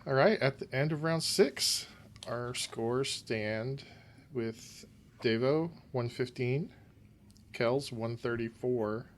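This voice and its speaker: A man's voice: mid-range voice, slow, slight background noise. A man keeping score on a casual podcast quiz and throwing in dry, teasing asides.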